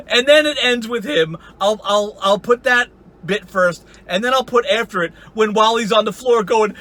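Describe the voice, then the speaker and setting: A man's voice: very high-pitched, animated, moderate pace, sharp tone. A man in his forties giving a sarcastic, profane ranting commentary as a YouTube commentator. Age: 40s.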